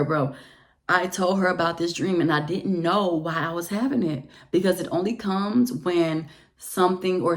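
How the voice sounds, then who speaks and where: A woman, telling a candid storytime vlog in an emphatic, indignant way. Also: fairly low pitch. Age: 30s. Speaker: vlogger.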